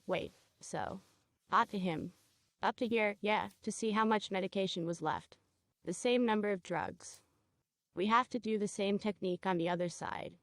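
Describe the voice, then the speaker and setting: A woman teaching a cosmetology procedure, guiding a student step by step and checking in with quick questions. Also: medium pitch, creaky, dry recording, studio quality. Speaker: cosmetology instructor. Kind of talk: hands-on training demonstration.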